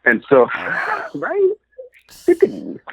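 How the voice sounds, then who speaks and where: A man's voice: very high-pitched, huge pitch swings, slow pace, fairly bright tone, slightly rough, no room sound. A man, a podcast guest, telling a story with animation and acting out the lines he quotes. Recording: dry, phone-like lo-fi audio.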